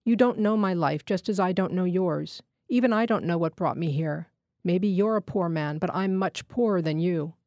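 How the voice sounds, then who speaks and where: A dying young thief, weak and tearful, begging again and again for mercy, as a woman reads him in a story. The voice sits low and close, with a dry, deadened sound. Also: moderate pace, mellow, no room sound, lightly acted. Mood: pleading. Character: dying young male motorcycle robber, pleading. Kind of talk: literary reading.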